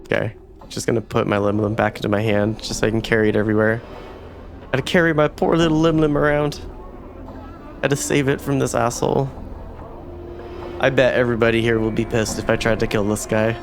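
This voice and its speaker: A man's voice: on the low side, level tone, fast, music in the background. A man hosting a let's play, reacting playfully as he reads through a game. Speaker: host.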